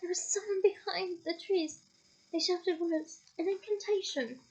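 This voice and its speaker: A woman's voice: very high voice, fairly even intonation, a little slow, darkish tone, voice pushed up, poor audio. A woman reading aloud and voicing a frightened teenage girl who speaks urgently and shakily. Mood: shaky. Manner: urgent, shaky pleading.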